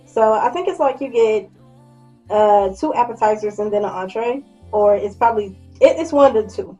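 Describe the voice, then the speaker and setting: A woman in her twenties telling a story in a casual vlog, blunt and profane, with lively acted-out quotes. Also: medium pitch, normal speed, faint music behind. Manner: blunt, profane, animated quoting. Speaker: vlogger.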